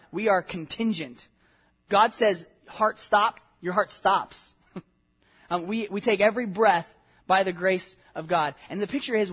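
A man from Southern California preaching a sermon, animated and conversational, with frequent asides and questions to the congregation. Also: high voice, breathy edge. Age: adult, married with a wife. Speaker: pastor. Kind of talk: expository sermon.

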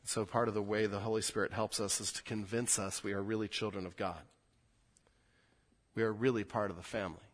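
A middle-aged man preaching a sermon, swinging from loud, emphatic scripture reading to quiet, intimate asides, often repeating words as he restarts. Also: lowish voice, steady tone, a little fast. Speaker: pastor.

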